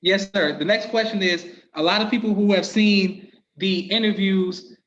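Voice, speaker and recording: A man's voice: high voice, fairly even intonation, moderate pace, a bit bright, lo-fi sound. A man hosting a podcast interview, asking questions in a polite, deferential manner. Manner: polite, deferential, often says "yes, sir". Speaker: podcast host.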